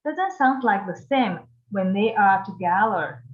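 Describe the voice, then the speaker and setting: Slow, careful woman teaching a lesson. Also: on the high side, animated. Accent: Taiwanese Mandarin. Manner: slow, careful modeling of words for repetition. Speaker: Mandarin teacher. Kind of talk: beginner language lesson. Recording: echoey room, slightly dull sound.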